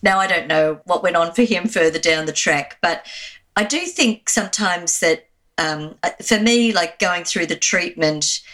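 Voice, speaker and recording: A woman's voice: on the low side, measured pace. An Australian woman, an Anglican minister, recounting a personal story in an interview with frequent fillers. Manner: warm anecdotal retelling with fillers.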